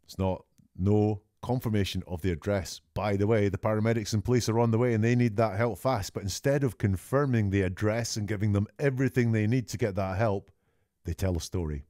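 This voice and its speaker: A man giving a measured, deliberate analysis of an emergency call, slowing down to stress key words. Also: fairly low pitch, mellow, no echo, clean studio sound. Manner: measured, deliberate, often slows for emphasis. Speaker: statement analysis commentator. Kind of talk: analytical commentary on a recorded call.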